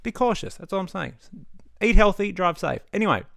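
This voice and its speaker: At his home setup, a young gaming vlogger delivers a casual, sarcastic opinion rant, swearing often. His voice sits high with big pitch swings, a little fast, creaky, and fairly bright, recorded dry at studio quality.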